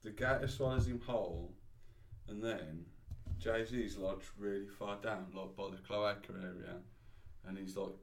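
A man's voice: lowish voice, fairly even intonation, unhurried, vocal fry, echoey room, far from the mic, a little hiss or hum. A man co-hosting a podcast, rambling through crude casual banter and swearing. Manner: rambling, swearing, giggly storyteller. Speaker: podcast co-host.

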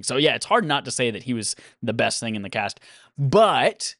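Male co-host, mid-pitched, filler-heavy casual talk, dry sound. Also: big pitch swings, moderate pace, a bit bright, no room sound. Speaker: podcast co-host. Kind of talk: casual chat.

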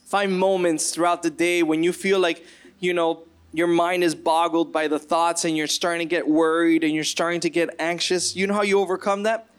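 A man's voice: on the high side, clear, resonant tone. A man preaching a sermon to his church, earnest and building to impassioned bursts. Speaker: pastor.

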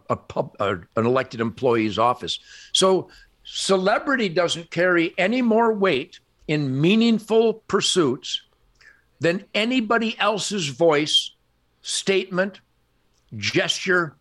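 An older man talks with a high, bright and sharply forceful voice that leaps all over the place. He tells his stories emphatically and a bit boastfully. He laughs often as he goes. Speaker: guest. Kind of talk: animated storytelling in conversation.

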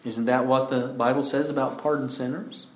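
A man preaching a sermon, emphatic, often asking rhetorical questions and slowing down to stress key words. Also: medium pitch, fairly even intonation, echoey room.

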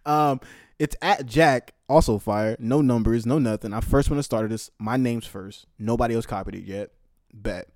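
A young man giving casual, heated commentary, profane and swinging between loud outbursts and low muttered asides. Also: normal speed, no echo, clean studio sound.

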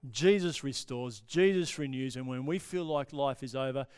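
Impassioned male pastor with a clear voice. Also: mid-range voice, a little mellow. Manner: impassioned, with dramatic pauses and drops to near-whisper. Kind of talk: sermon.

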